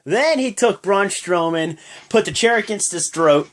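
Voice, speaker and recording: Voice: mid-range voice, lively intonation, a little slow. Rambling casual wrestling recap vlogger. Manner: rambling, filler-heavy, loose and chatty.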